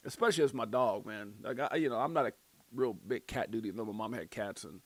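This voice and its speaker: A man hosting a crypto livestream in casual chat, loudly shouting out viewers in a slangy, animated way. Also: lowish voice, fast talker, no room sound. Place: Las Vegas.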